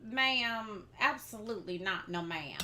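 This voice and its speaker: A woman's voice: medium pitch, expressive, a little slow, a crowd in the background. A woman hosting as a love coach, talking emphatically and with sass to her listeners. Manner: emphatic, sassy, addresses listeners directly. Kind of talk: casual chat.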